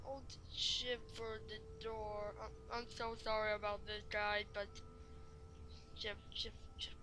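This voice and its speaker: A woman's voice: medium pitch, flat delivery, slow, over music. A woman doing let's play commentary, jumpy and rambling, who keeps apologizing to viewers. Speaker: gamer.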